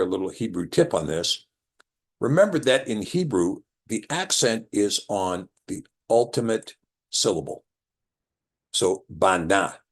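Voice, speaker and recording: A man teaching a Bible lesson who explains Hebrew words slowly, repeats key terms and draws as he goes. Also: sits low, husky. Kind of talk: scripture lesson with a drawing board.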